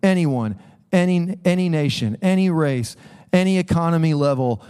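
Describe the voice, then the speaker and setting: A man preaching a sermon as a pastor, conversational and animated, acting out voices as he tells stories. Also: on the high side, normal speed, clear, resonant tone. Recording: long hall reverb.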